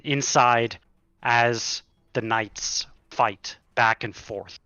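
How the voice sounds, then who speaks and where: Slow, bright-voiced male game master. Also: mid-range voice, clean tone, no echo, muffled recording. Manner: slow dramatic narration with pauses. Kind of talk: narrating a tabletop horror campaign.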